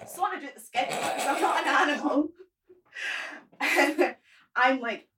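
Animated sweary woman in her twenties. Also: high voice, a little slow, far from the mic, a little hiss or hum, low-quality recording. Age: 20s. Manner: animated, sweary, laughing at herself. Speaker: guest. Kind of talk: casual podcast storytelling.

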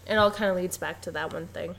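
A young woman with a fairly low voice speaks at a quick pace, with a bit of hiss or hum on the recording. Co-hosting a podcast, she recaps a film casually, laughing often and animatedly acting out the lines.

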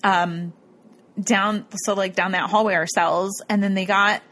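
A woman's voice: mid-range voice, steady tone, measured pace, a bit bright. A woman casually recapping a show in a rambling way, full of "like" and frequent laughter. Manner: rambling, lots of "like", bursts of laughter. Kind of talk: casual chat recapping a ghost-hunting show.

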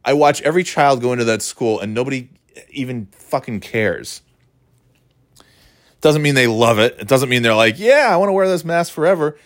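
A man's voice: medium pitch, no room sound, studio quality. A man giving casual, sarcastic commentary on a clip, swearing freely. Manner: sarcastic, swears, mocks with put-on voices.

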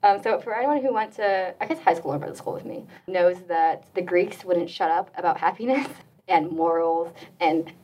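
A woman's voice: on the low side, moderate pace, few pauses, darkish tone, recorded from a distance, a little hiss or hum, rough recording. A young woman leading a casual student discussion, chatty and full of fillers, laughing often. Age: young adult. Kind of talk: casual chat.

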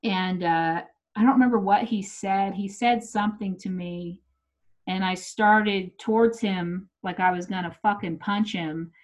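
A woman's voice: mid-range voice, a little slow. A middle-aged woman telling a personal story in casual chat, swearing freely and acting out what people said. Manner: animated, profane, acts out quotes. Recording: muffled lo-fi audio.

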